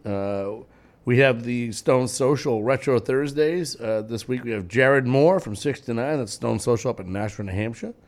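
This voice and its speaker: A man's voice: mid-range voice, normal speed. A man hosting a local radio show from a studio mic, chatting casually and joking with laughter. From New England. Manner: jokey, animated, laughs often.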